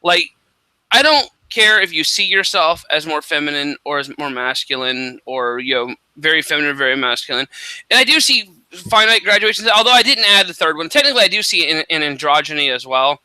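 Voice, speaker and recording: A man chats casually on a talk radio show, stopping and restarting his sentences often. His voice is fairly high and very bright, and it is recorded close and dry with no room sound. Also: expressive, clean tone, dry recording, low-quality recording. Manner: halting, many restarts and fillers. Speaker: podcast co-host. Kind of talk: casual chat.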